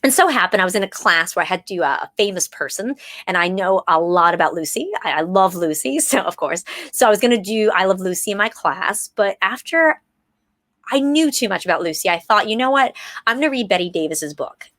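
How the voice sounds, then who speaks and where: An American woman, an actress and playwright in her thirties, telling a story in a casual, animated way and quoting herself and others with lively jumps in pitch. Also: fairly quick, dry recording. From United States.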